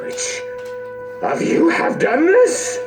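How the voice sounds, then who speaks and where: A man's voice: extremely high pitch, wildly swooping pitch, extremely slow, over music, full character voice. An actor playing Macbeth, a guilt-haunted king, speaking Shakespearean verse that breaks into terrified outbursts in an audio drama. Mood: horrified. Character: guilt-haunted Scottish king, man, middle-aged. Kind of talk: audio drama recording of a stage play.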